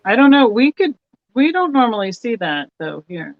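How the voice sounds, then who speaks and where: Co-host with wry quick asides, medium voice, flat dry lo-fi audio. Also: medium pitch, dry recording. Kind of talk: casual live-stream chat. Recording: dull, dry, lo-fi sound.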